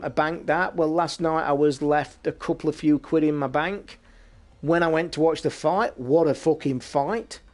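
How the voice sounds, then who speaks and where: A man ranting about sport on a casual podcast stream, swearing a lot and swinging from loud outbursts to low asides. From England. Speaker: podcast host.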